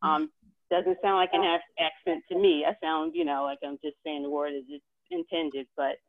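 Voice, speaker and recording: A woman's voice: low voice, flat delivery, moderate pace, no echo. Woman from Queens, light New York accent, chatty, heard over a dry, phone-like call line. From Jamaica, Queens, New York. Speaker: contest finalist. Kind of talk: video call chat. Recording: tinny dry call audio.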